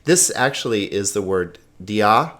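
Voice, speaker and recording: A man teaching a recorded Greek lesson, sounding words out slowly syllable by syllable. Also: fairly low pitch, lively intonation, fairly bright tone.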